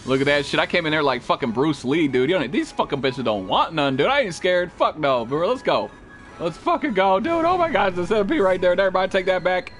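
A young man streaming a survival game live, excitable and profane, yelping and shouting at enemies as he plays. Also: high voice, quick pace. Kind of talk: live gaming commentary. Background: game music.

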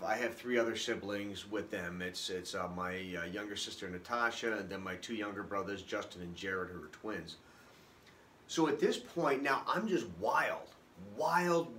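A man telling his own life story unscripted, halting and emotional, with many restarts. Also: fairly low pitch, bright, forceful tone, slight background noise. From Boston area, US. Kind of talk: personal testimony, unscripted.

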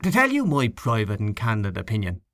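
A scornful, complaining male canvasser in a spoken storybook, as a man reads him. His pitch swings widely as he gossips and grumbles, and the recording is dry and close. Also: huge pitch swings, fairly quick, fairly bright tone, no room sound, full character voice.

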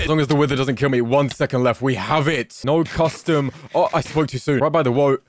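Young man, let's-play commentary, mid-pitched voice, excitable, rambling, sudden yelps, quiet music behind. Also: fast, few pauses. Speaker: gaming YouTuber.

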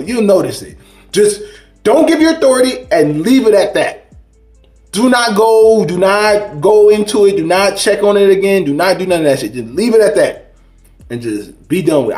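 A man with a high-pitched voice delivers a rambling spiritual talk to his viewers, preachy and casual, stumbling through restarts. The room is echoey, and soft music plays faintly behind him. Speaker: spiritual vlogger. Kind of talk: casual monologue to camera.

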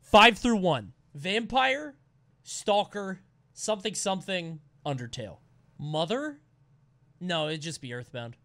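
A man streaming, reacting to a video in casual chat, excitable and swearing. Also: sits high, unhurried, dry recording.

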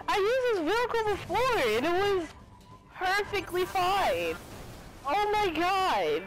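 A young woman commenting over her own gameplay, her high voice leaping up and down through exclamations and bursts of laughter. She talks at an unhurried pace between the outbursts, keeping up a running commentary as she plays. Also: low-quality recording. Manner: excitable, laughing, frequent exclamations. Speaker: gaming video creator.

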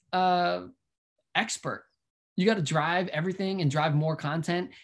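Male guest on a video-call interview; casual, keen, chuckly, thinking aloud. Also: fairly high pitch. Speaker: wedding and portrait photographer, guest.

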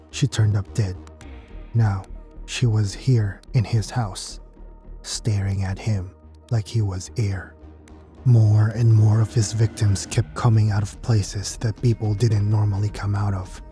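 A man with a fairly low voice reads a scripted horror tale in a steady, measured way. Clear music plays underneath his narration. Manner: steady, measured storytelling delivery. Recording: clean narration with music bed.

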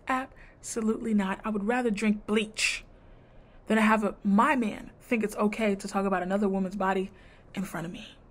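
A woman's voice: medium pitch, steady tone, moderate pace. Woman, vlogger, casual recap chat, sassy, blunt, slangy. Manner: retells scenes by quoting people.

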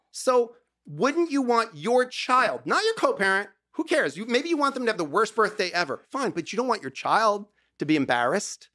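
A man's voice: sits high, very animated, moderate pace, few pauses, bright, forceful tone, dry recording, studio quality. A middle-aged man, a divorce lawyer talking as a podcast guest, who tells stories with emphasis and acts out quoted dialogue. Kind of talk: animated conversational interview.

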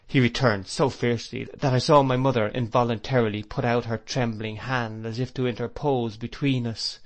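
Man, audiobook narrator, measured reading, mid pitch. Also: fairly even intonation.

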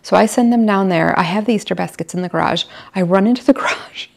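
A chatty middle-aged woman talks casually at home while she decorates. Her voice sits a little low with plenty of gravelly fry. She laughs often and likes to wander off into stories. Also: fast talker. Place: home, indoors.

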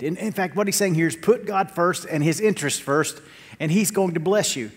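A middle-aged man preaching a sermon as a pastor, telling stories with jokes and quotes, and dropping to a low, quiet tone when he prays. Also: a little fast. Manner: animated storytelling with jokes and quotes; drops to a low, quiet tone in prayer.

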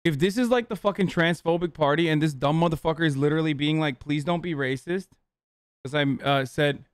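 High, crisp-voiced profane streamer man. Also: dry recording, clean studio sound. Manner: profane, sarcastic, rapid-fire. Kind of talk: casual stream reaction.

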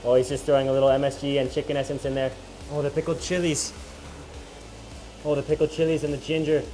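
Male travel food host, excitable and effusive, mid-pitched voice. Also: quick pace, slight background noise. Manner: exclamatory, gushing over food; mixes English with simple Mandarin. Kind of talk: enthusiastic food vlog with voice-over narration.

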